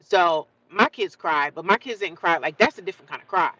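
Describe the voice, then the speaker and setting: A woman talks into her phone on a casual livestream, her voice bright and forward. She chats loosely with her viewers, greets them by name and repeats phrases as she works through her thoughts. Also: lowish voice, expressive, fairly quick, slightly rough, no echo, muffled recording. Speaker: livestream host.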